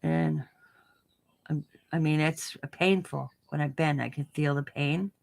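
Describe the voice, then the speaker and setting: A woman's voice: low voice, fairly even intonation, unhurried, gravelly. A woman hosting her craft channel, chatting casually as she works. She rambles, giggles often, repeats herself and has a light stutter. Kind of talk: casual chat while crafting.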